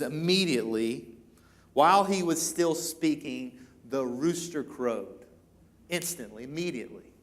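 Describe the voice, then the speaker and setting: This pastor's voice is high and light as he preaches in church. Narrating conversationally, he breaks into animated voices whenever he quotes someone.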